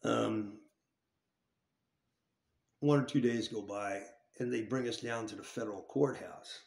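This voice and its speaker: A man's voice: on the low side, measured pace, creaky, darkish tone, echoey room. A man casually telling a story from his time in jail, swearing freely and restarting his sentences often. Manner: profane and rambling with many restarts.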